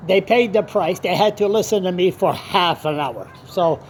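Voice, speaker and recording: A man talking straight to camera in a rambling, unscripted way, blunt and quick to swear. He drifts between his story and chatting to his dog. There is a faint hum of passing vehicles in the background. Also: sits high. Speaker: blogger. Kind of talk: rambling casual monologue.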